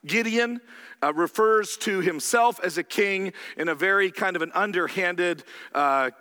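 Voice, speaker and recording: A man with a high, bright voice delivers a conversational sermon, often stopping to ask his listeners whether they follow. His words ring out with the long reverb of a large hall. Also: measured pace, clear, resonant tone. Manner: conversational, checks in with rhetorical questions. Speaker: pastor.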